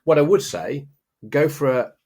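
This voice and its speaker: A man's voice: a little high, big pitch swings, normal speed, a little mellow. A middle-aged man co-hosting a podcast in casual chat, emphatic and anecdotal, acting out quoted exchanges. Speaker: podcast co-host.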